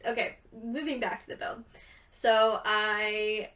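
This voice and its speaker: Chatting over gameplay, a young gaming video creator rambles and giggles, worn out from lack of sleep. She speaks at a medium pitch, a little slowly, with a slightly bright tone and a distant mic.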